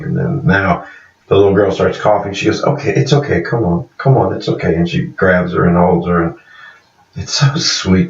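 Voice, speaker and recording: Man, very deep voice, casual episode review, rambling, echoey room, muffled distant sound. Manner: rambling, with frequent fillers and restarts, laughing often. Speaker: TV series reviewer.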